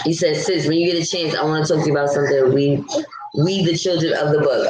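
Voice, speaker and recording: A woman vlogger with a deep, fairly quick voice and fairly even intonation chats casually with her live stream viewers. She's blunt and ranting, talking back to comments as they come in. The room is echoey, with a faint hum in the background.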